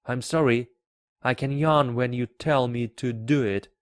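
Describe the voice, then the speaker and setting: A man reading the part of a tired, curious boy prince in a storybook, speaking a little softer and asking questions. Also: medium pitch, fairly even intonation, a little slow, no echo, natural voice.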